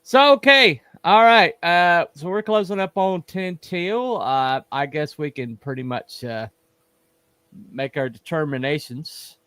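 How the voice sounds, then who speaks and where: A man hosting a casual livestream chat, quoting scripture haltingly with many fillers. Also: a little high, a bit bright, clear, resonant tone, dry recording. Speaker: host.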